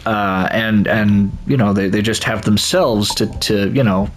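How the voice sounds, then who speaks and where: A man's voice: lowish voice, steady tone, a little slow, a little hiss or hum. Rambling man doing gameplay commentary. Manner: rambling, with many restarts and laughs. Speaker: gaming channel host. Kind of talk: let's play commentary.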